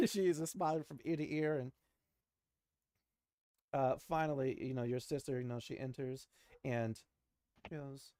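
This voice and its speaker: A man's voice: mid-range voice, steady tone, measured pace, pauses often, mellow, no echo. A man narrating as game master of a tabletop game, casual, laughing, with many fillers.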